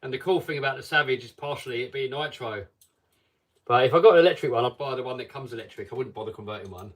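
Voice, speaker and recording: A man's voice: mid-range voice, fast talker, far from the mic. A man hosting a casual live stream, chatting and reading viewer comments aloud.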